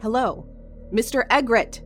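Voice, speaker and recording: A woman's voice: on the high side, a little slow, a bit bright, faint music behind. An actress voicing a worried woman calling out urgently to a neighbor in a horror audio drama.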